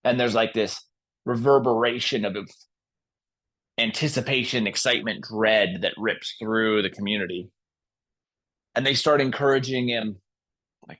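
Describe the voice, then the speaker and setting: Man, yoga instructor, calm, gentle, slow-paced. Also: mid-range voice. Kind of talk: guided yoga class with storytelling.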